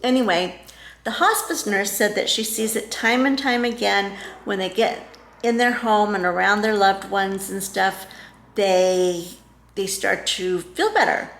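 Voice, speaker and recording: Middle-aged woman vlogger, emotional and rambling, slow unhurried delivery in an echoey room. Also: medium pitch, fairly bright tone. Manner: emotional, rambling with many restarts and fillers. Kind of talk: casual storytelling chat. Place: home room.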